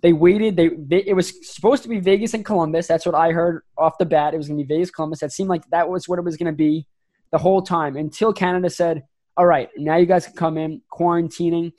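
A man's voice: on the high side, fairly even intonation, a little mellow. A man co-hosting a sports podcast, pressing his point hard and emphatically. He doubles back on his words and leans into each line as his argument builds. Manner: emphatic, ranting, rapid restarts. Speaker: podcast co-host. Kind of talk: heated sports podcast rant.

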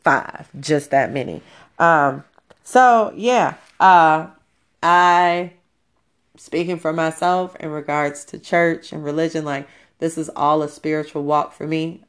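A woman with a notably low voice speaks in a blunt, candid way. She talks casually and swears freely, as if chatting with a friend. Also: slow pace. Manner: blunt, profane, conversational.

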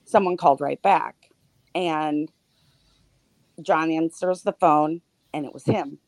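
A middle-aged woman on a podcast panel, telling a personal story in casual chat with halting starts and fillers. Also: deep voice, darkish tone, no room sound.

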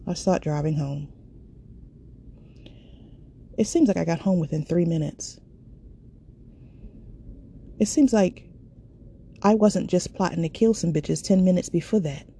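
Brief: woman storyteller, low husky voice with a gravelly edge, candid and profane. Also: normal speed, long pauses, mellow. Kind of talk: personal storytelling.

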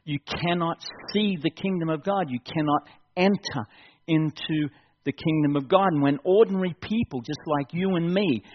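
A man with a high voice preaches an evening sermon at a church service. He talks fervently, repeats his key lines and presses his listeners with urgent appeals. The recording is dull and lo-fi. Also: normal speed, noisy background. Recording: dull lo-fi sound.

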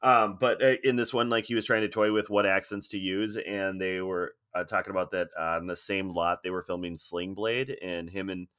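A man with a very low yet bright, forceful voice chatting about films. He rambles loosely and laughs as he talks. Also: fairly even intonation, normal speed, few pauses, clear, resonant tone. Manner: rambling, laughs mid-sentence. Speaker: podcast co-host. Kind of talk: casual movie discussion.

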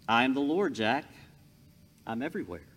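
A man voicing God as a calm, patient presence, speaking gently. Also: medium pitch, normal speed. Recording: long hall reverb.

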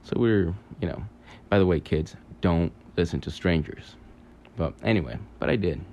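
A man telling a long dream story in a halting, rambling way, full of fillers, restarts and casual swearing. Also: sits low, animated, darkish tone, slight background noise. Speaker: podcaster recounting a dream.

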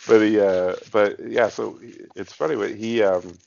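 A man's voice: fairly low pitch, steady tone, moderate pace, gravelly, a little mellow, dull audio. A man co-hosting a podcast in casual chat, rambling with many restarts and fillers. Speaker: podcast co-host.

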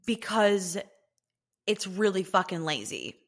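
Slow and swinging widely in pitch, this mid-range female voice belongs to a relationship coach hosting a podcast. Her delivery is casual and blunt, packed with swearing and constant "like" fillers.

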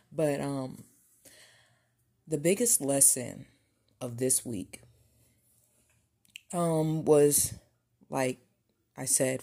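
A woman's voice: sits low, gravelly, warm tone. A young woman hosting her own podcast, talking in a reflective, rambling way full of fillers and restarts. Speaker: podcast host. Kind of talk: casual solo podcast talk.

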